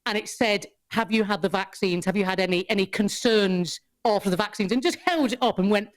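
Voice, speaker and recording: A woman, a podcast guest who tells a story in casual chat, animated, swearing freely and laughing often. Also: mid-range voice, fairly quick.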